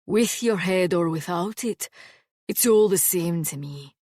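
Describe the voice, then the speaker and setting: A woman reading an audiobook and voicing an immortal male swordsman with a low, stern, dryly polite manner. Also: a little slow, a little mellow, no echo, studio quality.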